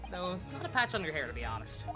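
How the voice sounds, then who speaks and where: Animated swearing woman streamer. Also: fairly low pitch, fast talker, over music. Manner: animated, swears, reads dialogue aloud. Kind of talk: game playthrough commentary.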